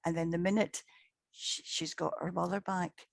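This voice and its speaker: An older woman with a lowish voice recounts case stories as a guest. She talks conversationally, repeats words, and quotes others in dialogue. The sound is dry and close. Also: steady tone, normal speed, vocal fry, no echo. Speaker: paranormal investigator, guest. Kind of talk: anecdotal storytelling in conversation.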